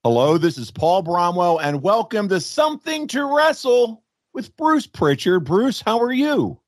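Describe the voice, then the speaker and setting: An upbeat man hosting a podcast, chatting casually with a slightly froggy morning voice. His pitch moves around a lot as he talks. The sound is close and dry, with no room around it. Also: sing-song, unhurried, no room sound. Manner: upbeat, laughs easily. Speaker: podcast host.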